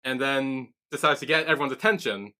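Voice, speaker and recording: A man's voice: medium pitch, fairly quick, pushed and bright. A man co-hosting a podcast, casually retelling scenes and acting out the characters' lines with frequent laughs. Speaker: podcast co-host. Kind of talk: casual recap chat.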